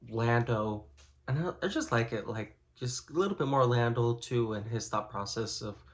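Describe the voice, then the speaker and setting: A man's voice: medium pitch, moderate pace. A man giving a casual spoken book review, rambling and filling his talk with "you know" and "like".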